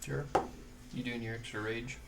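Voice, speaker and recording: A woman acting as game master, calmly ruling on dice rolls and damage in a tabletop game. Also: rumbling low, normal speed, creaky, slight background noise. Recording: loud music behind voice. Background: loud music.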